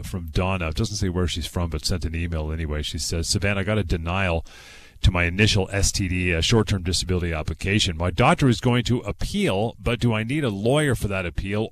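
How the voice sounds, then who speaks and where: A man hosting a radio call-in show, relaxed, reading a listener's email aloud. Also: low-pitched, slight background noise.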